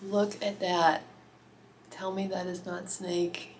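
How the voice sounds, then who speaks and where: A middle-aged woman vlogging as an author YouTuber, gushing and squealing with excitement while unboxing gifts, teary-eyed. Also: medium pitch, slow, pauses often, noisy background. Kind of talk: unboxing vlog.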